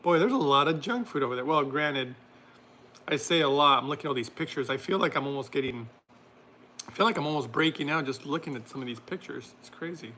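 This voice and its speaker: Bright-voiced chatty man with faint hiss. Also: medium pitch, fairly quick. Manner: laughs often, jokey riffs, trailing off. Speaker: livestream host reading chat. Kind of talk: casual livestream chat.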